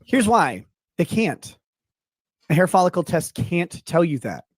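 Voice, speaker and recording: A man on a livestream speaking deliberately about a legal matter, stressing his denials. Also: high-pitched, very animated, husky, no echo, studio quality, exaggerated voice. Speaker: streamer speaking about his court case. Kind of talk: measured statement on a stream.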